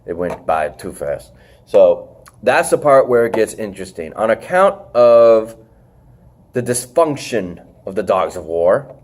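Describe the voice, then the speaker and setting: A man hosting a podcast in a loose, casual chatting style. His voice has a mid-range pitch, and he rambles along, padding his sentences with fillers and the odd swear word. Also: a little mellow. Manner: rambling, swearing, leans on "freaking". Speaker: podcast host. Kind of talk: casual wrestling review chat.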